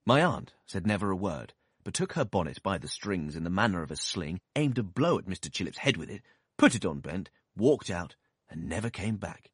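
Deep, husky male audiobook narrator. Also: no room sound, studio quality. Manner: expressive, measured storytelling. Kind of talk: scripted narration of a classic novel.

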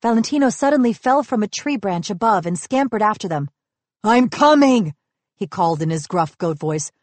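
A woman reads a children's storybook aloud with a gentle, even storytelling voice. Her pitch sits in the middle of the range. The recording is dry and close, with no room sound. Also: fairly quick, dry recording. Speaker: narrator. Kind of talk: storybook reading.

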